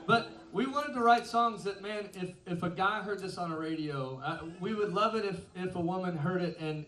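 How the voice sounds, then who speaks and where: A man's voice: on the high side, fairly bright tone, far from the mic. A man in his thirties, a band's singer, telling a self-deprecating story between songs at a concert, laughing often. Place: concert venue with an audience. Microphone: stage microphone through a PA. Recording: roomy concert sound from afar, music behind. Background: live band music.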